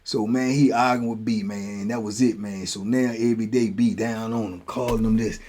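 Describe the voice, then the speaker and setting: A man hosting a show, telling a prison story in a casual, animated way, full of slang and "you know what I'm saying.". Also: on the low side, moderate pace. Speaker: host telling prison stories.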